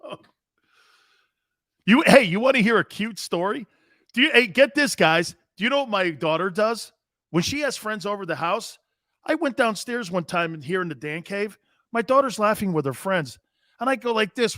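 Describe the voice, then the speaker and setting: A middle-aged man hosting a sports talk show, rambling and telling stories with loud bursts and laughter. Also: high-pitched, moderate pace, no echo, studio quality. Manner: loud, excitable, storytelling with bursts of shouting and laughter.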